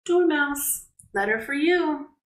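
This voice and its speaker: A shy, quiet old mailman from a picture book, read by a woman teacher. He speaks in brief, repeated calls, a little higher than her usual voice. The room around him sounds echoey. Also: expressive, takes it slowly. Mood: calling out.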